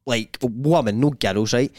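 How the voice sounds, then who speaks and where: A young man with a Scottish accent co-hosting a casual podcast, telling animated stories full of slang and breaking into loud laughter. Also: mid-range voice, a little slow, no echo, studio quality. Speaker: podcast co-host. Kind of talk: casual chat.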